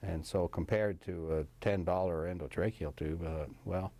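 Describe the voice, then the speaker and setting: A man's voice: low voice, steady tone, moderate pace, dark tone. An older man, a professor of anesthesiology, recalling his work in a rambling, hesitant interview style with many fillers. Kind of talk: casual interview recollection.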